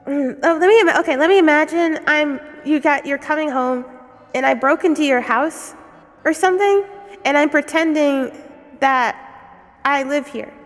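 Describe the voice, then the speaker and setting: A woman streamer with a sore throat giving a casual lesson, giggly and rambling. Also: high voice. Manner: giggly, rambling, self-conscious. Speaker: streamer teaching as a bear character. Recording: long reverb with background music.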